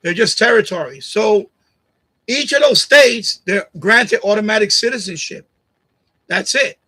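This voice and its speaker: Blunt guy ranting on his home live stream, high husky voice, reads chat and argues back. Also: expressive, measured pace, pushed and bright, poor audio. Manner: blunt, opinionated, repeats himself, laughs at chat. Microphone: USB condenser mic on boom arm.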